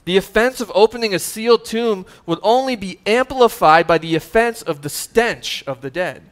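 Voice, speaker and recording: A man preaching a sermon as pastor, animated and emphatic, with casual conversational asides. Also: high-pitched, moderate pace. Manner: conversational asides with fillers and chuckles.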